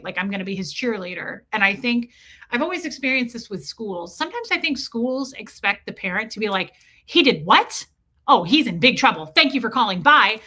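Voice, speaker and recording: A woman telling a story on a casual livestream, chatty and animated, who breaks off to greet her chat and says "like" constantly. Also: mid-range voice. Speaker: streamer and parent.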